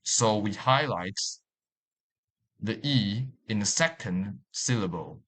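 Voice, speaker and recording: A man narrating a language lesson in a slow, deliberate way, repeating each example word. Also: fairly low pitch, lively intonation, a bit bright. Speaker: language teacher.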